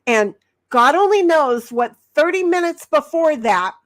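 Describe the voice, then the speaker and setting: Casual livestream host, female, fairly high voice, rambling chatty delivery reading viewer comments. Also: expressive, measured pace. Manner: rambling, reads chat messages aloud, frequent restarts. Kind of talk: casual chat.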